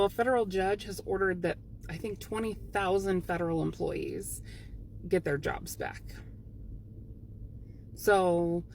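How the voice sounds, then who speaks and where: A woman in her late thirties records a sarcastic, gleeful commentary from her car. Her voice has a gravelly fry and sounds tired. A faint hiss runs underneath. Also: medium pitch, darkish tone. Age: late 30s. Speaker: vlogger. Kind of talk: casual commentary. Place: parked car in a school pickup line.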